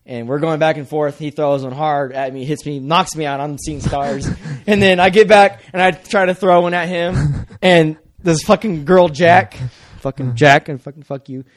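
High-voiced man telling rambling stories. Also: moderate pace, few pauses. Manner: rambling, profane, laughing storyteller. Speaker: storyteller. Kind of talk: casual podcast chat.

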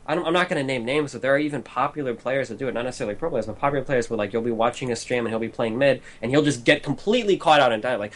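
A man talking casually about games, blunt and profane, ranting in long run-on stretches. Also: mid-range voice. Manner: blunt, profane, rapid rants. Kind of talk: casual gaming chat.

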